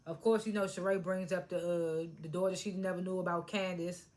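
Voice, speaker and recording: A woman hosting a casual recap of a reality TV episode, talking in an excitable, slangy way and often restarting her sentences. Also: on the low side, a little fast. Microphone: tablet propped on a charger.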